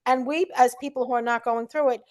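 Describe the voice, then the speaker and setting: A woman co-host speaks thoughtfully about why people miss what a patient goes through. Her voice sits fairly high, and she sounds a little off-mic. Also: steady tone, a little fast, a little mellow. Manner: supportive, reflective commentary. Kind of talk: casual chat.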